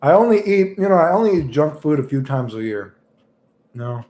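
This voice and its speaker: A man's voice: on the high side, big pitch swings, normal speed, dark tone. A man livestreaming in casual chat, rambling and making crude jokes as he talks about fighting games.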